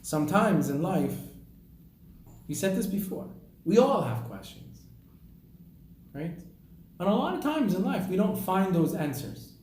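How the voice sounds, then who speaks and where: Animated male rabbi, lively pitch, echoey room with faint ambience. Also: unhurried, long pauses, a little hiss or hum. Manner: animated storyteller using Hebrew terms. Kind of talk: storytelling sermon.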